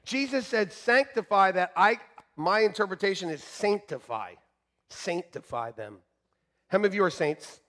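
Man, pastor, high voice, church sermon, playful asides, shouted emphasis. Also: lively intonation, moderate pace. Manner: swings from quiet asides to shouted emphasis, joking with the congregation. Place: church sanctuary.

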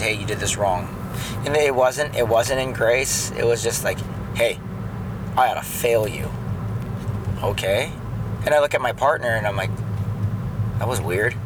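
A man tells a personal faith story, earnest and halting, with many restarts. His voice sits at a middle pitch for a man. The recording is outdoors, and road and traffic noise comes through clearly.

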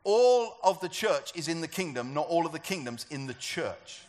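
High-voiced man preaching to a congregation. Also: very animated, normal speed, a little mellow. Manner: conversational preaching with rhetorical questions to the congregation. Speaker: pastor. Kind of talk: sermon.

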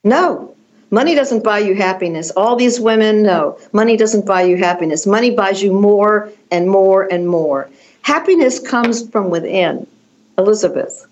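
An older woman, a fashion designer appearing as a guest, who tells animated stories and often restarts her sentences. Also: medium pitch, measured pace, highs cut off. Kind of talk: conversational storytelling.

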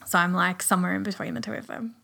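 A woman's voice: fairly low pitch, fairly even intonation, rapid-fire, vocal fry, sharp tone. A young adult woman co-hosting a podcast in casual chat, saying "like" constantly. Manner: says "like" constantly. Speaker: podcast co-host.

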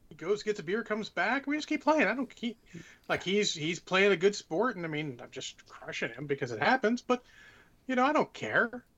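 A man's voice: high voice, very animated, moderate pace, a bit bright, lo-fi sound. A man co-hosting a podcast, chatting casually, swearing, and giving advice about tabletop games. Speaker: podcast co-host. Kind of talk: casual chat.

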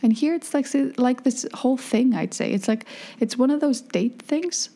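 A woman's voice: high voice, lively intonation, moderate pace, creaky, warm tone. A middle-aged woman with an Icelandic accent, chatting frankly and jokily, rambling with many fillers. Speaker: vlogger. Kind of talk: casual chat.

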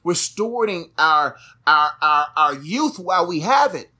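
A man's voice: fairly high pitch, lively intonation, unhurried, sharp tone, husky. Emphatic preachy young man. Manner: emphatic, preachy, repeats phrases for stress. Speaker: podcast co-host. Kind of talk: casual motivational talk.

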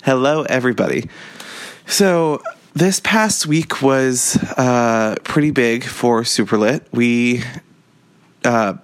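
Male podcast host, late 20s, chatty and upbeat, mid-pitched voice. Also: takes it slowly, clear, resonant tone. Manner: chatty and upbeat, with laughs and fillers. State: out of breath. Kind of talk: casual podcast chat.

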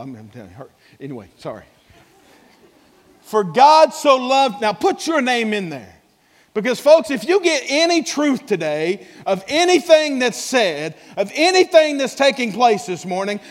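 High-voiced pastor preaching in a reverberant hall. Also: male voice. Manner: swings between soft low asides and shouted high exclamations; calls for audience response. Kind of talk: sermon.

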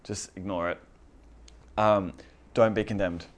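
Earnest low-voiced man preaching casually. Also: steady tone, measured pace. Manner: earnest, conversational, repeats words and restarts. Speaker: pastor. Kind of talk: casual sermon to a small group.

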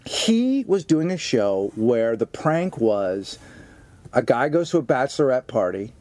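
A man hosting a casual chat, swearing freely and reacting with big, expressive feeling. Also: medium pitch, measured pace. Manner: profane, expressive, reacts loudly.

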